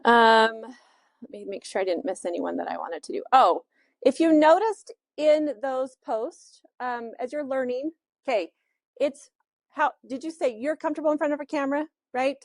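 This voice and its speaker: A woman's voice: high voice, normal speed, no echo. A woman with a Utah accent teaching a social media class in a chatty, loose way with lots of fillers. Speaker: real estate social media instructor.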